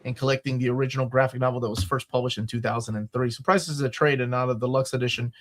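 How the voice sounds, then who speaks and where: A man's voice: medium pitch, fast. Enthusiastic man hosting a comics panel. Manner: reads listings aloud with excited asides. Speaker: podcast host. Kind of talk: casual panel chat.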